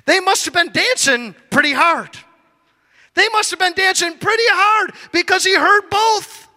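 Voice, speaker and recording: A man preaching a sermon, moving from loud shouted lines to quiet low asides. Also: measured pace, in a large hall.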